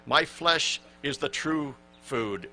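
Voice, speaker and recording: A man's voice: on the high side, expressive, slow pace, pushed and bright. A man in his sixties, a pastor giving an earnest, emphatic sermon and reading out scripture.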